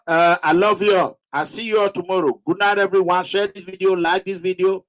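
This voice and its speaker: A man's voice: high voice, fairly even intonation, a little fast, few pauses, fairly bright tone, highs cut off. A man with a Nigerian English accent, hosting a live online talk show with dramatic, emphatic announcing. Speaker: host.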